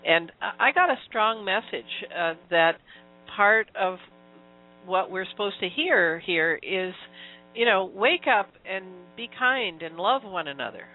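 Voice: mid-range voice, lively intonation, a little slow. An interviewer posing long, reflective questions in a casual interview. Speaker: interviewer, host. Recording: tinny phone-like audio with faint music.

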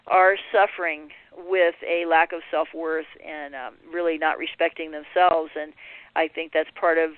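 A woman's voice: low voice, steady tone, moderate pace, no room sound. A woman guest, a healer and author, speaking earnestly and reflectively about self-worth, with frequent fillers. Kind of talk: spiritual interview talk. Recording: tinny phone line, dry.

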